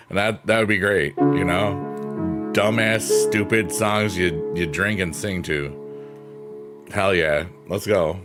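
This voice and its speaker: A man streaming and rambling cheerfully in casual chat while he plays the piano behind his talk. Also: on the low side. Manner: rambling, upbeat, playful swearing. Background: piano music.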